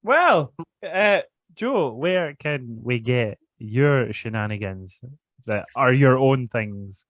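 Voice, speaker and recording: A man's voice: mid-range voice, animated, slow pace, fairly bright tone, no echo. A man co-hosting a wrestling podcast, reading out social links with small slips. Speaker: podcast co-host. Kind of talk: casual podcast outro.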